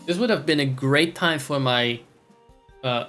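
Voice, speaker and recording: A man's voice: medium pitch, fairly even intonation, measured pace, a bit bright, faint music behind. A man streaming a game, making sardonic, profane asides and reading the game dialogue aloud. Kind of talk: casual gameplay commentary.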